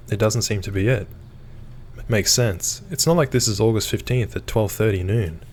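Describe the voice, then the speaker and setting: A man's voice: on the low side, a little mellow, slight background noise. A young man reading a visual novel aloud and adding easygoing asides. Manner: easygoing asides between narration. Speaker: game reader and let's player.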